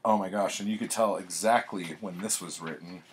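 A man's voice: deep voice, big pitch swings, measured pace, a little hiss or hum. A man reading his old childhood poems aloud and commenting on them in a wry, self-mocking way.

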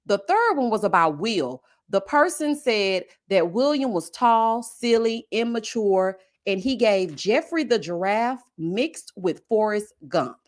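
A reality TV commentator gives a casual, sassy review of a show, animatedly acting out what people said. Her mid-range voice moves at a measured pace with hardly any pauses.

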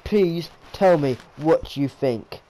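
A young man giving excitable play-by-play commentary on a wrestling video game, repeating his calls and tripping over his words. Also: on the high side, slow pace, rough recording.

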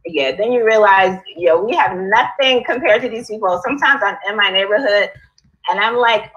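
A woman on a discussion panel, telling stories in an animated way and laughing as she goes. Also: a little high, moderate pace, lo-fi sound.

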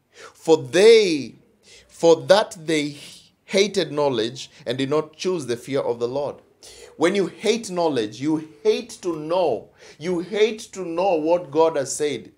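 A man's voice: on the high side, a little mellow. Emphatic male preacher, raised voice. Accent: Kenyan English. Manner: emphatic, repeats phrases and asks "all right?". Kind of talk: sermon.

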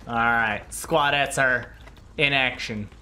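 A young man giving excitable, trash-talking gameplay commentary, swearing freely as he plays. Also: medium pitch, slow pace, a little hiss or hum. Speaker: gaming video creator.

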